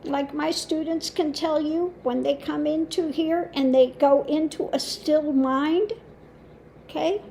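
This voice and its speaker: Woman spiritual teacher, unhurried and mocking, high voice. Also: fairly even intonation, vocal fry, mellow, slight background noise. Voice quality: slow, deliberate with long pauses and frequent laughs. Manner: scornful, emphatic, mocking. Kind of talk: casual monologue.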